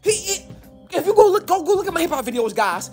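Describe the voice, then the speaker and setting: A woman's voice: very high voice, sing-song, racing, mellow, faint music behind. A woman from Baltimore, a YouTube commentator and rapper, delivering a hyped, profane reaction rant to camera and repeating phrases for emphasis.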